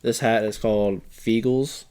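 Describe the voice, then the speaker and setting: A young man as a podcast guest, laid-back and easygoing, often trailing off softly. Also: lowish voice, steady tone, unhurried, over a noisy crowd. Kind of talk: casual podcast chat.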